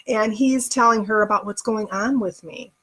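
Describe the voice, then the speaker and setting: A woman's voice: a little high, fairly even intonation, moderate pace, a bit bright. A middle-aged woman vlogger telling a personal story in a candid, conversational way, with plenty of emotion.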